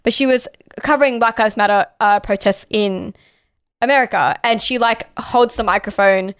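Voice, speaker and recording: Outspoken young woman, smooth tone. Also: medium pitch, no echo, studio quality. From Australia. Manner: passionate, quick, outspoken. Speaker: co-host. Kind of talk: casual political commentary.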